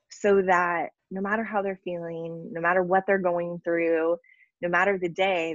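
A woman coach talks earnestly and at length in an interview, tired after a short night, filling pauses with ums and likes. Her voice sits a bit low, and the audio is dry and a little dull. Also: dry recording. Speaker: business coach, interview guest. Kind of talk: casual interview conversation.

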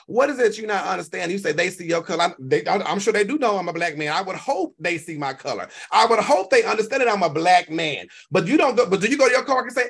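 A man, hosting a live stream and reacting to chat in an animated, profane, talk-back way. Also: sits high, fast talker, few pauses, breathy edge. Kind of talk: casual live stream commentary.

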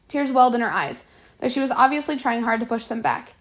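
A woman reading a novel aloud, narrating in a steady storytelling way with small restarts. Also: on the high side, quick pace. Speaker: audiobook reader.

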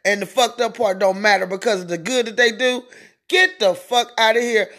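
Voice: mid-range voice, normal speed, a bit bright. A podcast host ranting solo, mocking and cursing, who keeps breaking into laughter.

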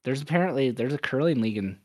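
A man's voice: medium pitch, lively intonation, quick pace, dry recording. Rambling young man hosting, close dry mic. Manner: rambling, self-correcting, upbeat. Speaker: podcast host. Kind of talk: casual chat.

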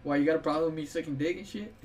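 A young man hosting a casual gaming video, swearing and laughing as he tells stories and yells instructions at a friend. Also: on the high side, very fast, slight background noise. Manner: profane, laughing, swings from storytelling to yelling at his partner.

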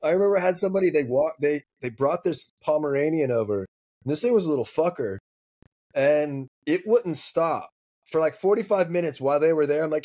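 A man with a fairly high voice, telling dog-training stories on a podcast. He talks casually, swears freely and acts out his anecdotes. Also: a little fast. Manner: profane, storytelling, animated.

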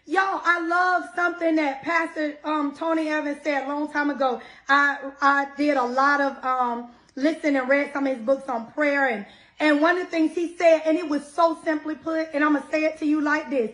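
A woman giving a casual, animated devotional sermon, talking straight to her listeners with many asides. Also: high voice, moderate pace. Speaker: preacher.

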